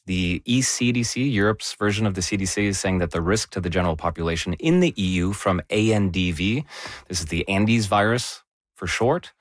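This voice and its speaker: Low voiced guy breaking down health news, leans on words, dry sound. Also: a little fast, dry recording. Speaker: health explainer. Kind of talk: conversational explainer.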